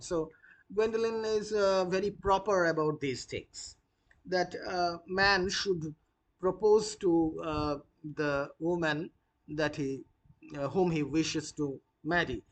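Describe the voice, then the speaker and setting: A man explaining a play to students, pausing often with fillers as he explains. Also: on the high side. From India. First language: Bengali. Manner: hesitant, many uh fillers, unhurried explaining. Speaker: literature lecturer.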